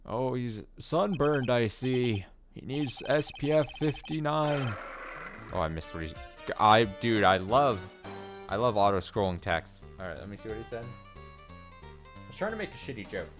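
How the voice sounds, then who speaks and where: A man hosting a let's play, reading game text aloud with wry, deadpan asides, over game music. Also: mid-range voice, measured pace.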